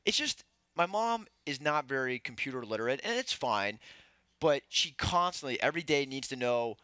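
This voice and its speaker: A young man from Texas co-hosting a podcast, telling animated stories in casual chat. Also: mid-range voice, moderate pace, clear, resonant tone, no room sound. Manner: animated storyteller, mimics his mom. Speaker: podcast co-host.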